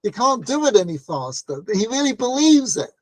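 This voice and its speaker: A man's very high-pitched voice swings widely in pitch as he teaches a Torah class at a moderate pace, with no echo. Stories come out conversationally, peppered with "right?", and he acts out each quoted voice.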